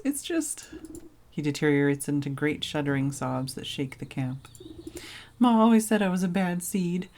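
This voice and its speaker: A woman's voice: medium pitch, mellow, pitched above the performer's own voice, natural voice. A woman voicing a huge, weepy male bandit who sniffles and sobs in rustic, broken speech.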